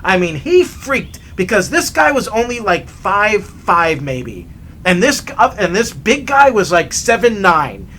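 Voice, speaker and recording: A man telling a story in a chatty, animated way while hiking outdoors, recorded on a camera mic. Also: high voice, measured pace, a little hiss or hum. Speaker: hiking vlogger. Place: outdoors on a trail.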